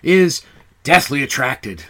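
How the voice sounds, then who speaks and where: Guy on a movie podcast, super lively pitch, bright voice, goofy loud bits. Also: slow. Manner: animated, jokey, bursts into loud exclamations. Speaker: podcast co-host. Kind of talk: casual movie chat.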